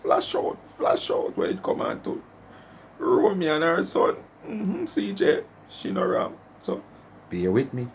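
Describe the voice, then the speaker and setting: A man's voice: a little high, huge pitch swings, a little slow, creaky, slight background noise. A man with a Jamaican accent giving chatty commentary on a clip in patois. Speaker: commentary host.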